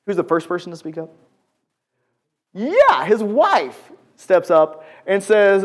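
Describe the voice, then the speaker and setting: A man's voice: high-pitched, normal speed. A man teaching a conversational Bible lesson to a group in a large church room, asking the audience questions and acting out quotes. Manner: animated, asks the audience questions, acts out quotes.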